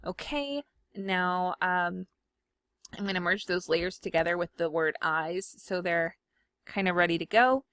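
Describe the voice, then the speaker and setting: A woman's voice: lowish voice, unhurried, fairly bright tone, no room sound. Chatty woman, dry close sound. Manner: chatty, self-deprecating, giggly. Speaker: scrapbooking video host. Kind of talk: casual chat while demonstrating software. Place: home room.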